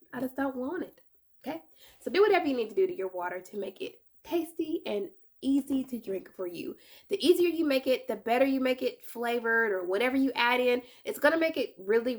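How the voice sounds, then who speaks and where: Young woman vlogger, chatty and animated, playful asides, voice on the higher side. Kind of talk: casual advice vlog.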